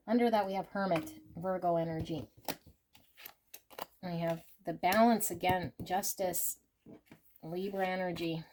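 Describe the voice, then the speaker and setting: A woman's voice: lowish voice, fairly even intonation, measured pace, pauses often, darkish tone, a little hiss or hum. A woman reading tarot and oracle cards for viewers, naming each card with effusive, breathless reactions.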